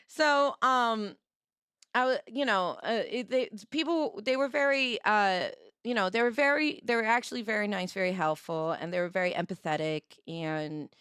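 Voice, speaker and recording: A young woman streamer telling a story in a casual, animated way, laughing and acting out the people she quotes. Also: fairly high pitch, a little slow, clear, resonant tone, no echo, clean studio sound.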